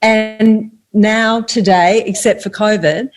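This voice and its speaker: A woman's voice: mid-range voice, steady tone, slow pace, soft background music. An older woman, a guest author telling a story steadily in an interview.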